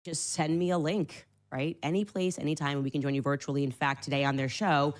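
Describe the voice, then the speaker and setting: Low-voiced woman hosting a livestream. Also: steady tone, brisk. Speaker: livestream host. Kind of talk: casual livestream talk.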